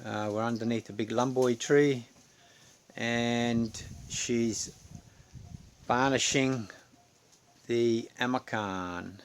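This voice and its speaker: A man with an Australian accent chatting casually outdoors, relaxed and rambling with frequent ums. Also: mid-range voice, slow, long pauses. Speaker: vlogger. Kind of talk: casual outdoor vlog chat. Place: outdoors under a tree.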